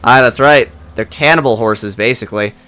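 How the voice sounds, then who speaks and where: A man's voice: mid-range voice, normal speed, pushed and bright, clear, resonant tone, natural voice. A man doing a brawny Irish woman ex-ranger. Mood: chatty. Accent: attempted Irish. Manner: casual, chatty storytelling.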